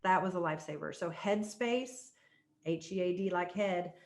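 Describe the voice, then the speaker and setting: A woman tantra coach talking as a podcast guest, explaining in an earnest, flowing way and guiding calmly. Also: on the low side, normal speed. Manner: calm soft-spoken guidance. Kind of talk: podcast interview chat.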